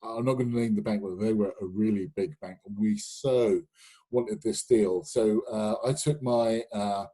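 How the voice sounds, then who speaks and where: A man in middle age, from the UK, talks a live webinar audience through his sales ideas. His voice is dark and a little husky, and he is chatty and anecdotal, full of fillers and restarts. He speaks into a webinar microphone. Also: fairly low pitch, steady tone, moderate pace, rough recording. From United Kingdom. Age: middle-aged or older. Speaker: sales trainer hosting a webinar.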